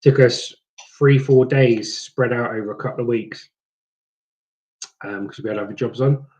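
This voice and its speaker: Here a man with a medium-pitched, darkish voice talks at normal speed while hosting a live stream. Between reading chat comments, he tells scrapping stories in casual conversation and lapses into mock accents now and then.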